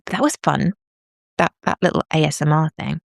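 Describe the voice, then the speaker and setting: Speaking fairly quickly in a low voice with vocal fry, this livestream host chats from home through a plugged-in microphone and headphones. She's rambling and self-mocking, joking around with her viewers. The recording is dry and studio-grade.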